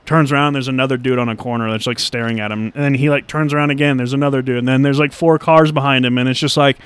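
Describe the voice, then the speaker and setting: A man's voice: medium pitch, steady tone, quick pace, fairly bright tone, clean tone, no room sound. A man co-hosting a podcast, talking casually about a film in a laid-back, profane way and acting out characters' lines. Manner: laid-back, swearing, acts out quoted lines. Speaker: podcast co-host. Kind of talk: casual movie discussion.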